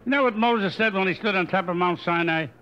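An older man doing stand-up comedy on a hotel stage, firing off quick deadpan one-liners into a stage microphone. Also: high voice, background noise. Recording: dull live recording, faint room ambience.

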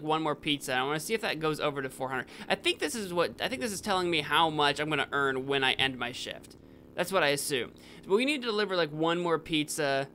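A young man live-streaming a video game, rambling and correcting himself, with sudden excited outbursts. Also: a little high, slight background noise.

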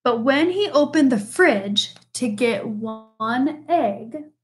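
A woman reading a picture book aloud in a bright, high voice. She paces the story slowly and lingers on each phrase. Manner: slow, expressive read-aloud delivery. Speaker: storybook reader.

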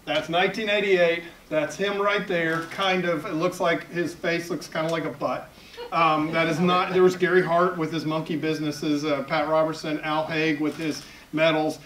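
In a library's event hall, a fifties-aged man with a Southern US accent gives a chatty public talk as an editorial cartoonist, peppered with self-deprecating jokes. His voice is a little high and fairly bright, with little pitch movement and a moderate pace. The echoey recording is picked up from a distance, with slight background noise.

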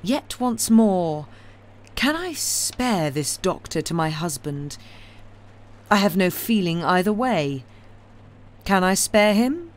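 A woman voicing a stern, vengeful middle-aged woman revolutionary, cold and deliberate, in a read-aloud novel. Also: fairly low pitch, big pitch swings, pitched above the performer's own voice.

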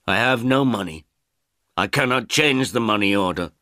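A man's voice: on the low side, expressive, normal speed, pushed and bright, no room sound, studio quality, pitched above the performer's own voice. A man voicing a poor old village man who is anxious and impatient, pleading in a raised voice.

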